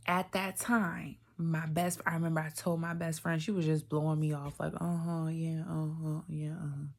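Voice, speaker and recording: A woman with a fairly low voice tells a heartfelt personal faith story on her vlog. She talks in a chatty way, speaks straight to her viewers, and sometimes sinks into a whisper when the story gets tender. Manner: emotional, heartfelt storytelling, drops to a whisper at times; chatty, addresses viewers directly. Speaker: vlogger.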